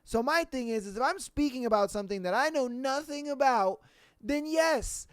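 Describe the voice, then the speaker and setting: On his own podcast, this man rants in a very high-pitched voice at an ordinary pace, blunt, animated, slangy and full of profanity. The recording has clean studio sound with no echo.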